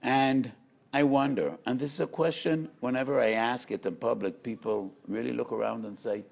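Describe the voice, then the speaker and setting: A man, a rabbi, giving a measured, emphatic Torah lecture with storytelling. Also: medium pitch, steady tone, gravelly.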